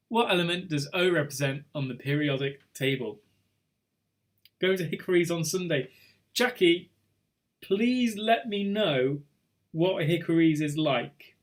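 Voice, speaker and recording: Chatty young quiz host. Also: male voice, fairly high pitch. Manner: chatty and rambling, drifting off topic with chuckles. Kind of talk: live online pub quiz hosting.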